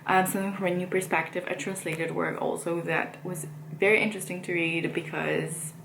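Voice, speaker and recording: A woman's voice: lowish voice, fairly even intonation, brisk, creaky, fairly bright tone, slight background noise. Chatty woman book vlogger, echoey room. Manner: chatty, rambling, frequent ums and likes. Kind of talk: casual book chat.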